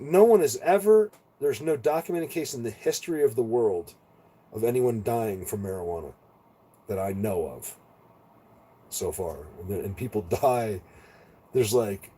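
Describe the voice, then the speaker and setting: A man's voice: lowish voice, expressive, moderate pace, dark tone, slightly rough. Rambling laid-back guy chatting on a live stream. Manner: rambling, with many restarts and stammered repeats; laid-back and chummy, laughing at his own stories. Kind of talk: casual live-stream chat with viewers.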